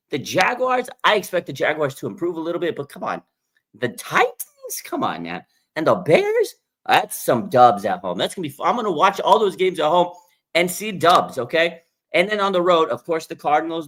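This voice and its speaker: Excitable man hosting a fan livestream. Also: fairly high pitch. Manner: excitable, laughs and rants, voice jumps up when hyped. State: has a bloody nose. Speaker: sports fan livestream host. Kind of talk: casual live reaction chat.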